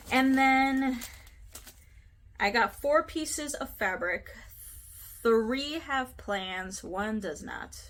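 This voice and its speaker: A woman's voice: mid-range voice, slight background noise. Woman from the US, casual to-camera vlog, giggly and full of fillers. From United States. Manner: chatty, giggly, lots of fillers. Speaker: cross-stitch vlogger.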